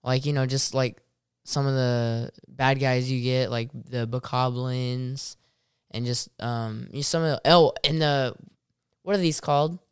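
A man's voice: mid-range voice, steady tone, unhurried, clean tone, no echo, studio quality. A man in casual conversation about video games who hesitates and searches for his words. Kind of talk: casual gaming chat.

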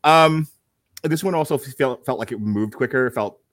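A man's voice: mid-range voice, moderate pace, a bit bright, no echo. A man hosting a casual film review podcast, rambling and teasing his co-hosts with jokes. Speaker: podcast host.

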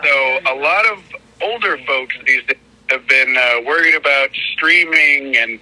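A man's voice: mid-range voice, a little slow, pushed and bright, low-quality recording. A man calling into a podcast, goofy and teasing in casual chat. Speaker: caller.

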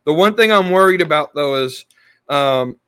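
On a dry, clean recording, a podcast host chats casually about wrestling in a slightly high, bright voice with a forceful, expressive tone and moderate pace. He wanders loosely through his points, restarting often and leaning on fillers.

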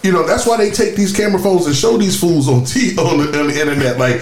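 A man co-hosting a podcast talks emphatically in slang, his voice rising and falling a great deal. It sits a little high, and the recording carries a roomy echo. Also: expressive, fairly quick, few pauses. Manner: emphatic, slangy, mimics people. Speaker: podcast co-host. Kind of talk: casual chat.

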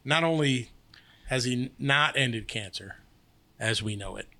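A man's voice: medium pitch, a little slow, pushed and bright. A man co-hosting a podcast in rambling, sarcastic casual chat. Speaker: podcast co-host.

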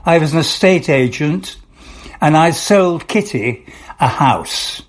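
A man's voice: on the high side, expressive, slow. Rambling older man recalling stories. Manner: rambling, with frequent restarts. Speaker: actor guest. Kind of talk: anecdotal interview storytelling.

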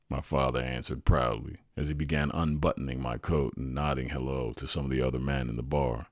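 A man reading his own true childhood story aloud in a measured, reflective way. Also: rumbling low, steady tone, dry recording, studio quality. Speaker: storyteller, podcast host.

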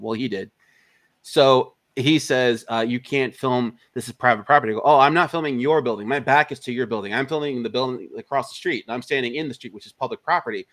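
A man, an indie filmmaker being interviewed, telling a long anecdote in casual, profane speech and acting out the other people's lines. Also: mid-range voice. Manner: animated, profane, acts out quoted dialogue.

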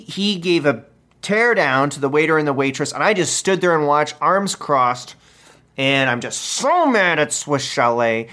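A man co-hosts a comedy podcast and rants with petty, blunt indignation. His pitch swings up and down as he talks. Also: bright, forceful tone. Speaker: podcast co-host.

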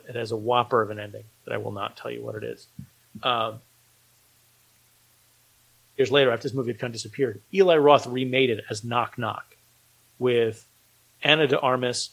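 Husky-voiced man chatting about movies. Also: medium pitch, fairly bright tone, poor audio. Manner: rambling, enthusiastic, many restarts. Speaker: podcast host and filmmaker. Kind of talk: casual chat.

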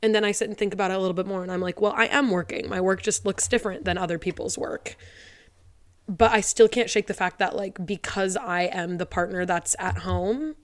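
A woman's voice: medium pitch, fairly even intonation, fairly quick. A young woman hosting a solo podcast from her living room, talking close into a mic. She rambles and fills her speech with "like", and she is tearful. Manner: rambling, heavy use of "like", tearful and laughing. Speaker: podcast host. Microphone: studio mic, close.

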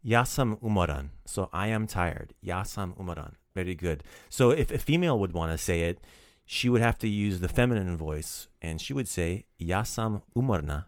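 Man, language teacher, deep voice, playful, upbeat, dry close sound. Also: lively intonation, moderate pace, no room sound. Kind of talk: casual podcast language lesson.

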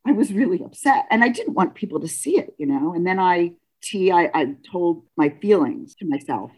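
Woman telling a personal story. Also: husky. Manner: animated, acts out dialogue with pitch leaps; halting, frequent restarts and self-corrections.

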